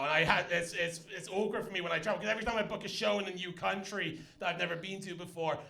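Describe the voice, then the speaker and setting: English-accented male stand-up, self-mocking and punchy, high bright voice. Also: creaky. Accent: English with an Austrian tinge. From England. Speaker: stand-up comedian. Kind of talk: stand-up comedy set. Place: comedy stage before a live audience.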